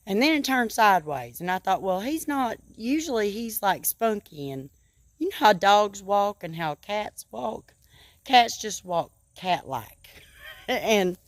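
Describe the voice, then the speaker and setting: A middle-aged woman with a Southern US accent, telling a folksy, laugh-filled story while walking outdoors on a farm. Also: medium pitch. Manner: folksy, laughs often, easily spooked. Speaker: vlogger.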